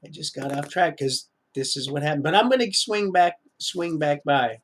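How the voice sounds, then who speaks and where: A man telling his life story on a live stream, halting and full of restarts, drifting into preachy religious asides. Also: on the high side, animated, a bit bright. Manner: preachy, sprinkles in religious talk. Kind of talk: rambling live-stream monologue.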